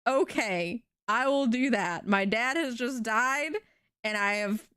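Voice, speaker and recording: A woman voicing a bewildered young male hero, speaking in a confused, flat way in her own high voice. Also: takes it slowly, clean tone, no room sound, clean studio sound.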